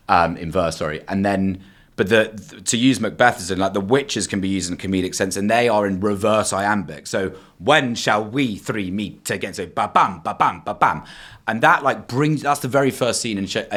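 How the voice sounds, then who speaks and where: Young man, eager and rambling, lowish voice, conversational podcast guest. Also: fairly quick, fairly bright tone. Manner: enthusiastic, rambling, many fillers. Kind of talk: casual chat.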